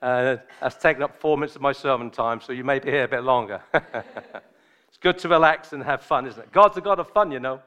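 A man preaching a sermon, joking and chatty with his congregation at first, then slow and solemn. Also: mid-range voice, bright, forceful tone. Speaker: visiting preacher.

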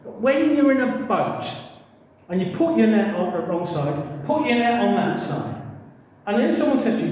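A man preaching a sermon in a church, animated and humorous, acting out little voices as he tells the story. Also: sits high, normal speed, a little hiss or hum. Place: church hall. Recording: distant mic in echoey hall.

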